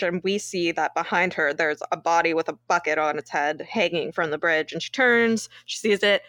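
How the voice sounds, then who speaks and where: Sarcastic, low-voiced Canadian woman. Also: a bit bright, dry recording, clean studio sound. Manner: sarcastic, laughs often while recapping. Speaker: podcast co-host. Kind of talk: casual movie recap chat.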